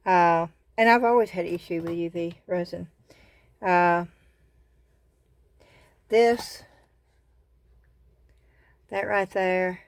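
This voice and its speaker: Southern lady doing a craft vlog on her phone, talks slow, says y'all, gets all gushy. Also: on the low side, dry recording. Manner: excited exclamations, says y'all a lot. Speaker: craft channel host. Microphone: phone camera.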